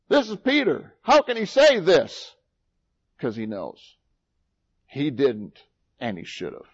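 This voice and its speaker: A man preaching a sermon, reading scripture aloud in a rising, dramatic voice and dropping low and quiet for his own asides. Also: wildly swooping pitch, takes it slowly, slightly rough, muffled recording.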